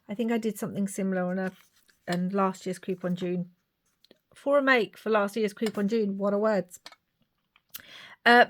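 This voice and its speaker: A woman chatting casually while she crafts, thinking aloud and sometimes dropping to a whisper. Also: a little high. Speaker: craft video maker.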